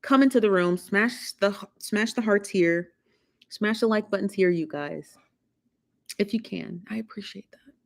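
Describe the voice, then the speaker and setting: Woman doing a laid back livestream chat, aave, teasing the chat a lot, mid pitch. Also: unhurried. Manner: chatty, laughing, teasing the chat. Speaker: live show host.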